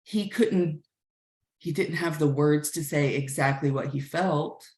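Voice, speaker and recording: Woman facilitator in her 30s–40s, slow and gravelly, candid story for a class, roomy echo. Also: deep voice, darkish tone. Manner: reflective, frank, many "like" fillers. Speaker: communication workshop facilitator.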